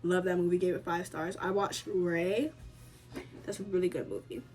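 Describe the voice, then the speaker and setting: A woman's voice: on the low side, fairly even intonation, moderate pace, darkish tone, slight background noise. A young woman from the United States chatting casually to camera about what she has been watching, emphatic and given to repeating herself. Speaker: vlogger.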